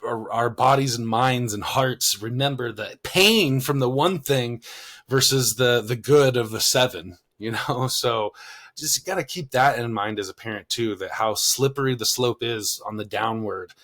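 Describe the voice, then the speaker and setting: A man's voice: medium pitch, measured pace. Male podcast co-host, mid-range voice, loose rambling storyteller. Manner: rambling, many fillers, animated when quoting himself. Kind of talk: casual conversational storytelling.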